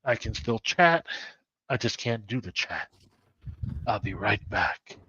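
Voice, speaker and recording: A man's voice: on the low side, big pitch swings, slow, pushed and bright, breathy edge, no room sound. Jokey guy on a stream call, teasing his buddy, dry and a bit muffled. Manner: joking, teasing, easy laugh. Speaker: co-host. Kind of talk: casual live-stream chat.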